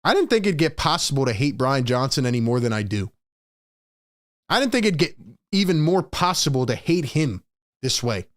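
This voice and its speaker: A man's voice: medium pitch, big pitch swings, normal speed, no room sound, studio quality. A man hosting a live postgame fan show, ranting in frustration and reading out viewers' chat comments. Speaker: sports podcast host.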